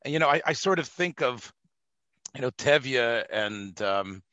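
A man hosting an interview, chatty and animated, with Yiddish asides and many fillers. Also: medium pitch, unhurried, no echo, highs cut off. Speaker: podcast host, interviewer. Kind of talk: interview conversation.

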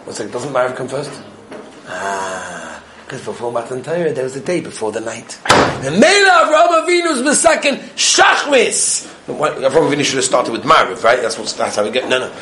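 A man giving a Torah lesson on the weekly portion, telling stories animatedly and moving between loud excitement and hushed tones. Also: medium pitch, brisk, noisy background. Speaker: Torah teacher.

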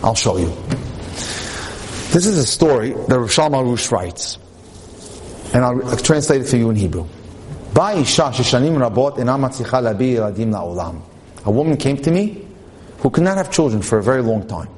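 A man's voice: mid-range voice, sing-song, a little fast, pauses often, darkish tone, slight background noise. A middle-aged man giving an earnest religious talk at a singles event, reading a story and translating Hebrew lines aloud as he goes.

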